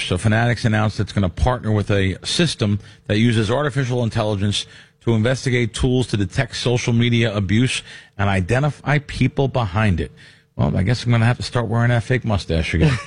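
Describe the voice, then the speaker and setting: A man's voice: lowish voice, brisk. A man hosting a sports talk show, reading out news items and adding dry quips. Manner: reads out headlines, dry quips. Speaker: host.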